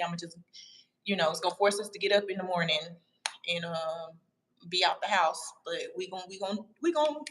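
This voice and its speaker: Woman, livestream host, casual chat, animated, laughs a lot, talks straight to viewers. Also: mid-range voice, rough recording. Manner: chatty, animated, laughs often, addresses viewers as y'all. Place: home abroad.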